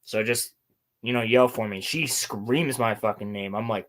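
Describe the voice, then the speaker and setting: A young man hosting a casual podcast chat, telling animated stories and swearing often. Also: on the low side, moderate pace. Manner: animated storytelling, heavy swearing. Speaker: podcast host.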